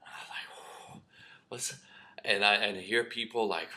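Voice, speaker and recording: A middle-aged man telling a personal story to camera as a spiritual teacher, animated, acting out shouts and whispers. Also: on the low side, normal speed. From lives in New York.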